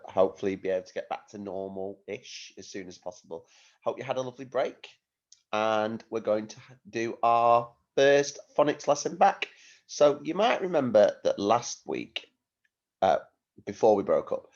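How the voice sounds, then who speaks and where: A male primary school teacher giving a phonics lesson to young children, speaking slowly in a sing-song way and asking many tag questions. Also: fairly low pitch, darkish tone, highs cut off.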